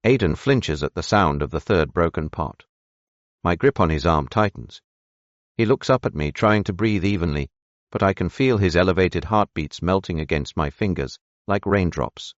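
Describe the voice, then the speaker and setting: A man narrating a romance audiobook in the first person, steady, measured and intimate. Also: low-pitched, no echo, muffled recording.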